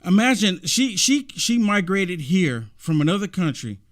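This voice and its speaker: A man's voice: sits high, very animated, measured pace. A man giving emphatic, repetitive reaction commentary on a video clip.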